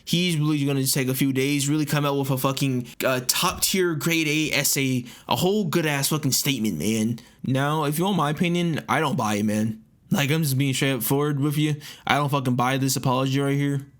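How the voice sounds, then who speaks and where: A man's voice: mid-range voice, fairly quick. A young man giving casual reaction commentary, incredulous and profane, mocking what he reads with frequent outbursts. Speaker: commentary YouTuber.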